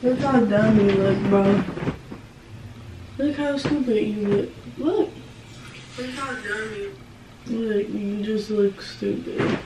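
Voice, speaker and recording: In a bedroom, a young woman vlogger pleads with her boyfriend during casual prank banter, exasperated and repeating herself. Her medium-pitched voice moves slowly with long pauses. The recording is echoey and distant, with background noise.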